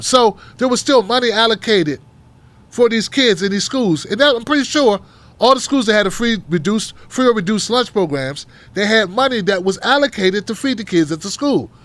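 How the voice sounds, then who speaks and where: A Tennessee man with a Southern accent and a high-pitched, animated, slightly bright voice hosts a political talk show at a moderate pace, recorded dry. Fired up and mocking, he rants bluntly and profanely in casual livestream commentary, firing off rhetorical questions.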